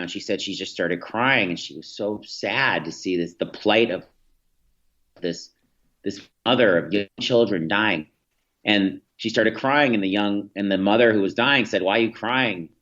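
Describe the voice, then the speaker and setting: Low-voiced man telling stories, halting. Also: a bit bright, highs cut off. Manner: reflective, halting with many restarts and fillers. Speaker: podcast guest, author. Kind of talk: storytelling in an interview.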